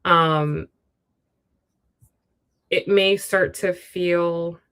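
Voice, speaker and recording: A woman's voice: on the low side, fairly even intonation, drawn-out words, fairly bright tone, smooth. A woman giving a casual tarot reading on a livestream, chatty and speaking straight to the viewer. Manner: chatty, full of "like" and "you know". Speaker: tarot reader.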